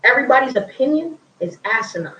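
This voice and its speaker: A woman's voice: sits high, animated, quick pace, sharp tone. Blunt woman telling her story, roomy and distant. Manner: blunt, repeats herself, slangy. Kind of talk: candid casual storytelling. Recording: roomy, distant, dull lo-fi sound.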